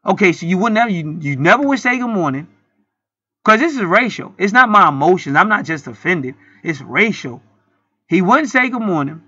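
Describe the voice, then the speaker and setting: A man's voice: sits high, sharp tone, no echo, muffled recording. A man ranting in an indignant, profanity-heavy commentary vlog as channel host.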